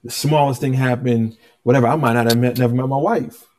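Animated man telling a story. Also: medium pitch, a little fast. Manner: animated, restarts often, acts out dialogue. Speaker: guest musician. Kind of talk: conversational storytelling.

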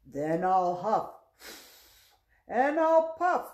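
Woman playing a big bad wolf, loud, blustering, drawn-out calls, roomy echo. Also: mid-range voice, sing-song, muffled recording, voice pushed up. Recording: echoey room.

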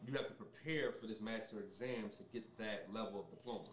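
A man with a fairly low voice talks through his subject as an interview guest, relaxed and explanatory, often pausing with ums and restarting sentences. He sits a little back from the mic in a roomy, echoing space with faint background noise. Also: distant mic. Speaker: sommelier guest. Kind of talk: casual interview conversation.

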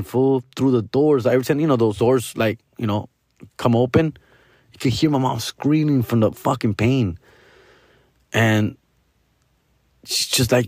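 A man's voice: mid-range voice, no room sound, studio quality. Slangy, profane male comedian storyteller. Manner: profane, slangy, sprinkles Spanish slang and "fool"; rambling, restarts often. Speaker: comedian podcast host.

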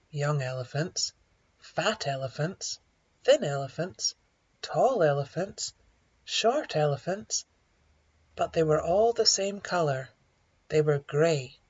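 A woman slowly reading a simplified children's story for English learners, clear and expressive. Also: highs cut off. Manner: slow, clear, animated with high character greetings.

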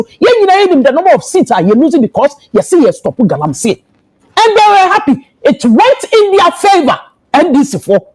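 A Ghanaian woman, a party executive, argues emphatically and passionately in a heated TV panel debate in a studio. Her voice sits high and is a little mellow, and the recording is rough.

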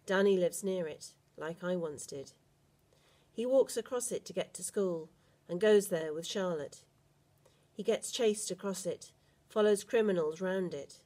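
Woman reading a story in a lowish voice. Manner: steady, measured first-person narration.

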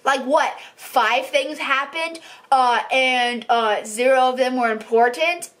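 A woman vlogger ranting about a book she hated, exasperated and repeating herself, swinging between loud outbursts and muttering. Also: high-pitched, slow. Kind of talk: ranting book review vlog.

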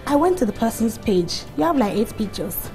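A woman in her thirties, a comedian guest chatting and telling stories in an animated way, full of fillers. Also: fairly high pitch, moderate pace, soft background music. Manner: animated, storytelling, many fillers. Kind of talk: casual chat.

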